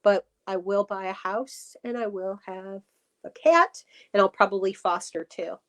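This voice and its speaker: A woman guest on a live chat stream, telling stories in an animated, restarting way. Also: medium pitch, moderate pace. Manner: animated storyteller, many restarts.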